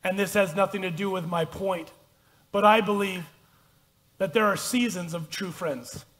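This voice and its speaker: Man, high voice, pastor, casual self-deprecating sermon, reads scripture. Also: normal speed, a bit bright. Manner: conversational, self-deprecating preaching with scripture reading. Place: church sanctuary.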